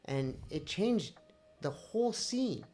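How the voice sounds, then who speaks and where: Podcast host, woman, casual animated storyteller who acts out voices. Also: fairly low pitch, slow, a crowd in the background. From India.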